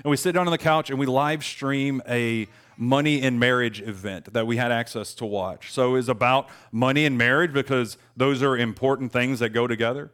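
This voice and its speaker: A man's voice: mid-range voice, steady tone, moderate pace, hardly any pauses, a bit bright, clean tone. A man in his thirties preaching a conversational, earnest sermon, lifting his voice when he quotes a lament. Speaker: pastor.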